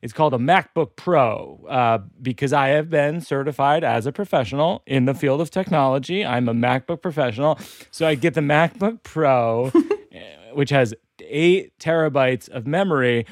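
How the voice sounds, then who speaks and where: A man's voice: medium pitch, normal speed, no room sound, clean studio sound. A man hosting a comedy podcast, telling rambling stories full of fillers in casual chat. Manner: rambling storyteller, lots of fillers.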